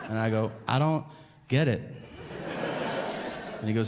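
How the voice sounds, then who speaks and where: A man doing a stand-up comedy set, telling stories with animated, yelled impressions. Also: fairly low pitch, slow pace, pauses often. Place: comedy venue stage. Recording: live venue with long reverb and audience noise.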